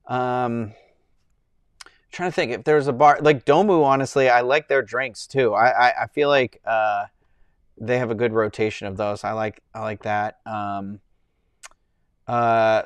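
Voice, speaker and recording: A young man hosting a casual live stream, rambling and chatting with viewers in a loose way, full of fillers and quick laughs. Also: mid-range voice, clean tone, dry recording, clean studio sound. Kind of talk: casual chat reading viewer comments.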